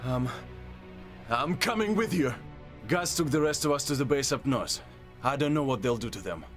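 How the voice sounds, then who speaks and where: An actor playing a frightened young freed prisoner in a video game, speaking hesitantly with stammers. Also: male voice, mid-range voice, animated, moderate pace, soft background music, lightly acted. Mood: nervous.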